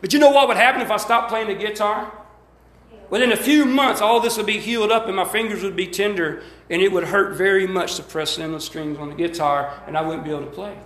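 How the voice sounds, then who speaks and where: A man with a Southern accent preaching a fervent sermon in church, shouting and calling out to the congregation. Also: high-pitched, a little fast. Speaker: pastor. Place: church sanctuary. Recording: roomy echo of a church hall.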